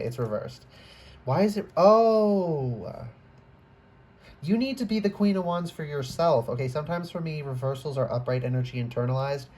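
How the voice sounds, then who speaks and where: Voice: medium pitch, a little mellow. A tarot reader giving a casual, rambling reading to camera indoors, often trailing off, restarting and becoming emotional. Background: faint computer fan hum.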